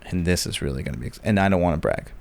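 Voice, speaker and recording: A man's voice: low voice, expressive, racing, creaky, a little mellow. A man from Virginia, a podcast guest in casual chat, telling self-deprecating stories with mock boasting. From Virginia, United States.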